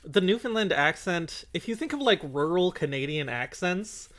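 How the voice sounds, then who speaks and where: A woman chatting casually as a stream co-commentator, animated and jokey, swearing freely. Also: lowish voice, normal speed. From grew up in a Spanish-speaking household. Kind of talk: casual chat. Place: lives in Toronto.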